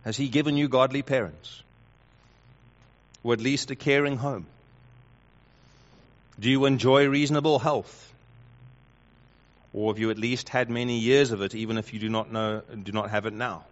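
A man preaching a sermon, building through rhetorical questions and swinging between loud emphasis and hushed lines. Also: medium pitch, fairly even intonation, moderate pace, pauses often. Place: church hall with congregation. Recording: dull lo-fi sound.

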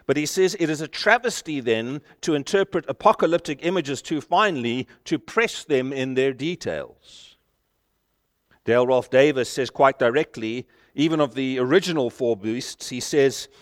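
Male preacher, sermon delivery, emphatic with forceful peaks, mid-pitched voice, long church-hall reverb. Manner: emphatic, rising to forceful declarations.

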